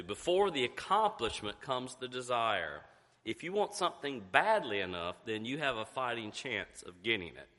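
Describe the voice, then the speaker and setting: A man's voice: on the low side, big pitch swings, moderate pace, bright, forceful tone, in a large hall. A middle-aged male pastor preaching a sermon with emphatic rhetorical questions, fighting through a cough. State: coughing, fighting to get words out.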